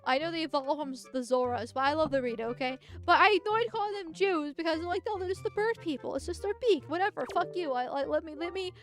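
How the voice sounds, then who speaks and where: A woman streaming gameplay as a vtuber, rambling and often restarting, then erupting into profane rants at the game. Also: high voice. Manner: ranting, profane, quick to anger. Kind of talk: live gameplay commentary.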